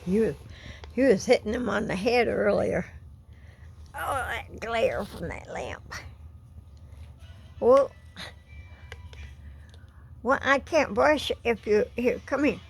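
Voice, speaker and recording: A woman's voice: fairly high pitch, lively intonation, slow, creaky, long pauses. A woman at home, filming on her phone as she brushes her cats and talks to them in cooing baby talk. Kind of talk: casual pet talk. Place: at home indoors.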